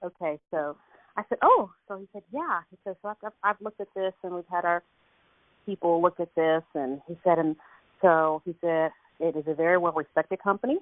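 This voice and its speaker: A woman's voice: on the low side, fairly quick, no echo. A woman on a coaching call, retelling a conversation with lots of laughter and quoted dialogue. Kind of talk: casual storytelling chat. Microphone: phone. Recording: tinny phone line.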